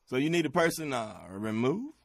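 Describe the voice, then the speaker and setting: An actor playing a laid-back cartoon street hustler who talks fast, with a husky voice. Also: male voice, medium pitch, animated, lightly acted. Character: shady street hustler man, casual about violence.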